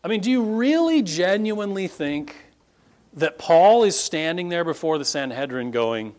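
Male pastor, sermon, emphatic, leaps high on key words then sinks quiet. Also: sing-song, moderate pace. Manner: emphatic, rising to sudden high stresses then dropping low. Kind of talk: closes in prayer.

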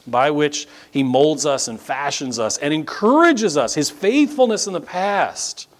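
Conversational, animated male preacher. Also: on the high side. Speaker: pastor and teacher. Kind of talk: sermon.

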